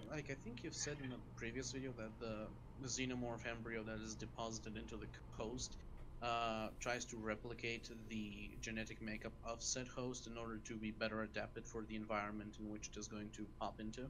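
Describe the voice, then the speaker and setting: A man joining a casual panel discussion as a guest over voice chat, speaking slowly and deliberately as he thinks aloud. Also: on the low side, little pitch movement, background noise. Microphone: remote mic over voice chat.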